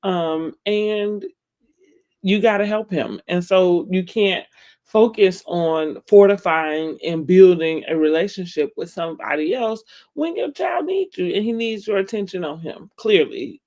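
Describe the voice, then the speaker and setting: A woman's voice: on the low side, expressive, unhurried, darkish tone, highs cut off. Chatty opinionated woman recapping a show. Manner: chatty and opinionated, laughs often, addresses viewers as y'all. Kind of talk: casual TV recap chat to viewers.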